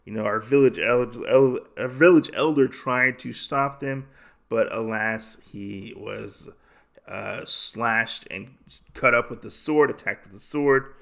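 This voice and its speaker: A man hosting a podcast, casually retelling a comic story in a rambling, animated way. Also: mid-range voice, slow, vocal fry. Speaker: podcast host.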